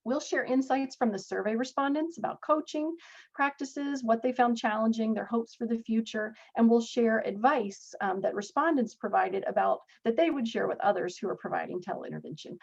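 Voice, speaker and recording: A woman's voice: on the high side, normal speed, vocal fry, darkish tone. A woman with a Southern accent from Virginia, hosting a webinar in a chatty, upbeat, conversational way over a video call. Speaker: webinar host. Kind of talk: webinar presentation. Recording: dull lo-fi video call audio.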